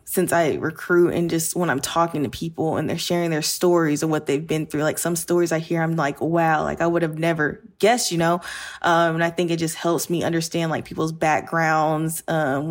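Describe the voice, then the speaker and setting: A woman recruiter talking candidly and reflectively in a casual podcast conversation, with many fillers. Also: deep voice.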